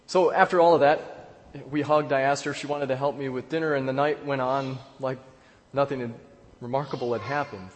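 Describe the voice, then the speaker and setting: A man, a pastor, preaching a sermon as a personal story, with pauses and repeated words. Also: medium pitch, steady tone. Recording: echoey hall with long reverb.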